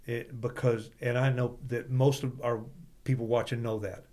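A man's voice: medium pitch, flat delivery, normal speed, dark tone. Chatty man leading a Bible discussion. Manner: loose and chatty, leans on "you know". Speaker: Bible class leader.

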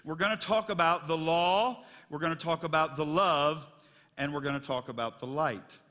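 Chatty pastor with a bright voice. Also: male voice, on the high side, moderate pace. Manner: folksy, chatty storytelling with many fillers. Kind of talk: sermon. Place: church sanctuary. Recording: long church reverb.

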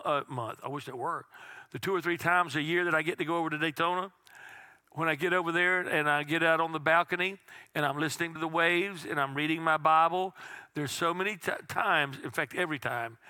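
A middle-aged man preaching a sermon as pastor, slowing right down for key phrases and dropping to a hush on the quiet lines. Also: fairly high pitch, dry recording. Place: church sanctuary.

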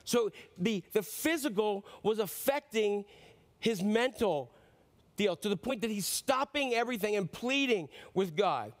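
A man preaching a sermon, earnest and pleading, swinging between loud emphasis and quiet low passages. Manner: earnest, pleading, rises and drops sharply for emphasis. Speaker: pastor.

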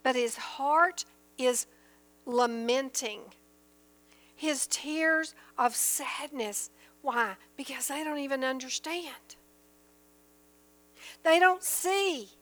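A woman's voice: high voice, slow, fairly bright tone. A woman teaching from the Bible in an earnest, emphatic sermon style, reading verses aloud and explaining them.

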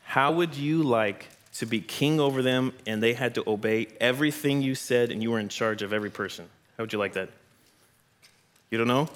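A man leading a family Bible lesson in church, praising and joking with the children. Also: medium pitch. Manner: encouraging, playful with kids. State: out of breath. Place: church hall with audience.

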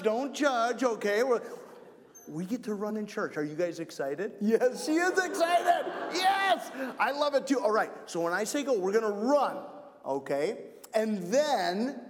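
Man from Wisconsin, very high voice, playful children's message, long church reverb. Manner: lively, playful, calls and repeats to kids. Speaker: camp leader giving children's message. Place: church sanctuary.

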